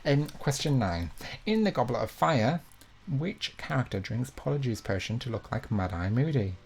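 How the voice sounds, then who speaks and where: A man's voice: medium pitch, very animated, normal speed, creaky, a little mellow, breathy edge. A young man hosting a live online quiz, reading each question twice and filling the gaps with chatty, self-mocking asides. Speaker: quiz host.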